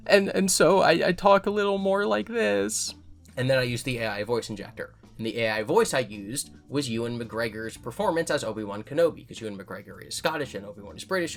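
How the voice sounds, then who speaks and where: A man hosting his own channel, answering viewer questions in casual chat and thinking aloud with frequent restarts. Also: mid-range voice.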